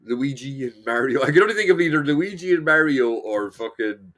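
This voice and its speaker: Animated, rambling man chatting on a podcast. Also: medium pitch, brisk. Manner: rambling, swears often, restarts sentences. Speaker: podcast co-host. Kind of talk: casual chat.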